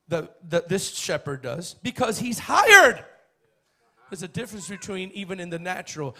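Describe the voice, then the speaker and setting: A man preaching a sermon, emphatic and repetitive, building up to shouts. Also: high-pitched. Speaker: pastor.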